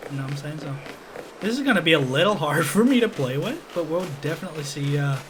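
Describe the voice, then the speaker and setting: A man's voice: on the high side, animated, fast, background noise. A young man casually commentating a game on his stream, joking and slangy. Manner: joking, slangy, laid-back.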